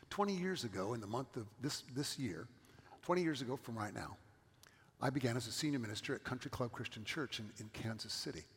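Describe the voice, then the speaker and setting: A man's voice: medium pitch, breathy edge, in a large hall. A middle-aged man from California, a pastor giving a sermon and telling stories with asides to the congregation.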